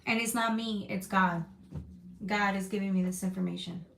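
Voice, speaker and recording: A woman's voice: medium pitch, fairly even intonation, normal speed, vocal fry, slight background noise. Tarot lady on a live stream, chill and comforting, talks to chat, roomy echo. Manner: casual, reassuring, reads chat comments aloud. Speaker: tarot reader.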